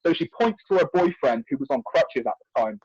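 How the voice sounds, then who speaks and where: A male wrestler, telling a funny story from his career in a lively way. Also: mid-range voice, fairly quick, slightly rough, no room sound. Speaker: wrestler guest. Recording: dry, dull lo-fi audio.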